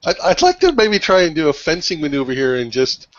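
Lively man playing a tabletop game. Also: a little high, a little fast, a little hiss or hum. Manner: lively, describing his actions with fillers. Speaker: player. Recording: dull lo-fi recording.

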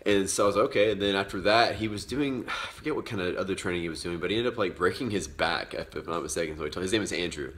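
A man's voice: low-pitched, very fast, hardly any pauses, a bit bright. A man in his twenties giving an earnest motivational vlog talk, rambling with many restarts. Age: 20s. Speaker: vlogger.

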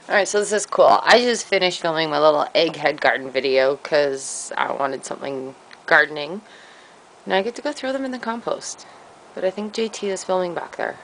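A woman's voice: mid-range voice, fairly bright tone, poor audio. A woman chatting casually in a home vlog, bubbly and giggly. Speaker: vlogger.

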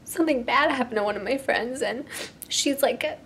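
A young woman talking to her subscribers in a vlog, crying and sniffling, halting and restarting with lots of "like". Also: sits high, fairly bright tone, slight background noise. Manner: tearful, heavy use of "like", halting restarts. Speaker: YouTuber.

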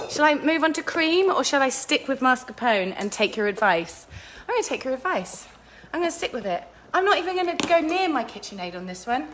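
A woman's voice: on the high side, noisy background. A woman hosting a home cooking vlog, chatting casually to viewers, giggly and chaotic, swearing freely as she talks through a recipe in her kitchen. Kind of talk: casual chat to live viewers while cooking.

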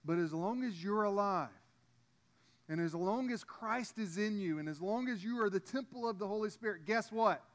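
A man's voice: high-pitched, moderate pace. A man preaching a sermon as pastor, in a conversational way with frequent restarts and asides to the congregation.

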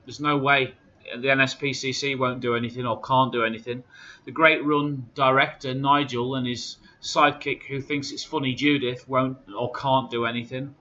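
A man's voice: mid-range voice, little pitch movement, normal speed, bright, forceful tone, muffled recording. A man giving a casual vlog update, aggrieved as he recounts phone calls with indignant quotes. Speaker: charity runner.

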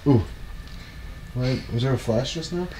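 A young man vlogging in casual chat at night, relaxed and joking. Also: mid-range voice, a little slow, a little hiss or hum.

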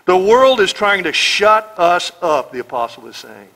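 A man's voice: high-pitched, big pitch swings, normal speed, gravelly, pushed and bright, low-quality recording. A man with an American accent preaching a verse-by-verse sermon as pastor, emphatic and sarcastic, firing rhetorical questions. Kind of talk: expository sermon.

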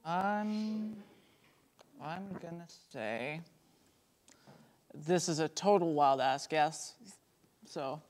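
A man playing as a game show contestant, relaxed and joking. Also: fairly high pitch, very slow, pauses often. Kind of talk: casual chat.

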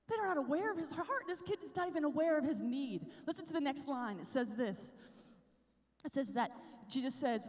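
Woman preacher, high voice, energetic and chatty, live in a big echoing hall. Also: a little fast. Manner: energetic, chatty, asks the crowd "right?" often. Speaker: speaker at a youth conference. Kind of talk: lively preaching talk. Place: large conference hall with a live crowd.

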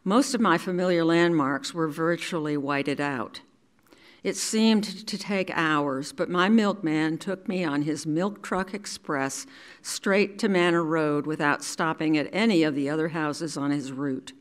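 An older woman from New York City reads her own memoir aloud. Her voice sits notably low and unhurried. She tells the story in a measured, deliberate way. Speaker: resident reader.

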